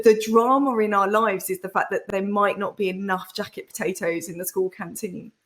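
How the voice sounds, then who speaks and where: A woman in the middle of her speaking range tells her story candidly as an interview guest. She is animated and acts out remembered conversations. She restarts her sentences often and fills pauses with "um". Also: mid-range voice. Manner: frequent fillers and restarts. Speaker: podcast guest, entrepreneur.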